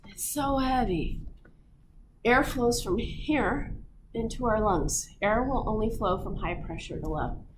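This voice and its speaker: A middle-aged woman teaching physiology to a class, telling animated stories and acting them out. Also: on the high side, unhurried. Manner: animated, acts out her stories. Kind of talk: classroom lecture with storytelling. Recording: echoey room, audible room noise.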